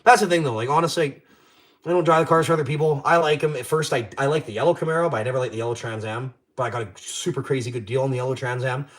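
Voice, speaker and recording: Reading chat during a laid-back livestream in his home garage, a young Canadian host rambles, curses and trash-talks. His voice is mid-range and he speaks very fast.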